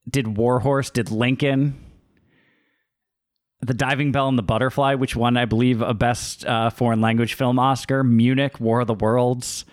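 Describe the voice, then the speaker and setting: A man chats on a movie podcast in a wry, laid-back way, rattling off facts with many pauses and fillers. His voice sits in a dry, close recording with no room sound. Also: medium pitch, level tone, no room sound. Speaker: podcast co-host. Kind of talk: casual movie review chat.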